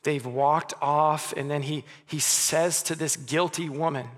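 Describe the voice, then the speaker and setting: A man in his thirties preaches a sermon with earnest conviction. He restarts his phrases often and sinks soft and quiet on the words that matter most. His slightly high voice rings out with a long reverb through a church hall. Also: steady tone, measured pace. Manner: earnest, stammers on restarts, drops softly on key words. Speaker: pastor.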